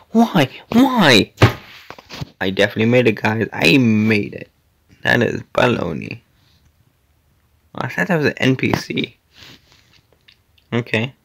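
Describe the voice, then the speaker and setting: A man's voice: medium pitch, gravelly. A man giving casual commentary while playing an obstacle-course game, muttering to himself, sometimes dropping to a whisper and sometimes exclaiming at setbacks.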